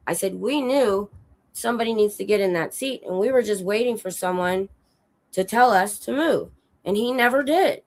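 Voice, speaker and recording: Hoarse woman telling a story. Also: mid-range voice, moderate pace, low-quality recording. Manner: animated storytelling, swearing, acting out quotes. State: sick and hoarse. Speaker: streamer telling a travel story. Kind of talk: casual chat. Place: home streaming setup.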